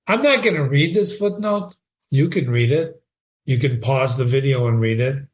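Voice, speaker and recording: A man's voice: mid-range voice, normal speed. Chatty man reading a play aloud. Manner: chatty, offhand asides. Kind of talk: casual read-aloud with commentary.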